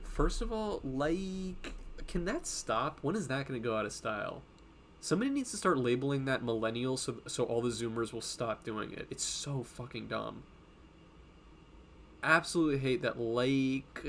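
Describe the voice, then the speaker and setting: A man talking to his viewers on a live stream in a loose, meandering way. He swears freely and laughs between thoughts, in a voice of ordinary middle pitch. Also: animated, measured pace, a little hiss or hum. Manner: rambling and profane, laughs often. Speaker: streamer and comic artist. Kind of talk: casual live-stream chat.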